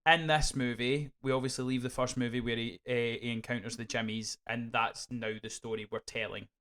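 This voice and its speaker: A Scottish man co-hosting a podcast, reviewing a film in casual, animated chat full of swearing and restarts. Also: medium pitch, brisk. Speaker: podcast co-host.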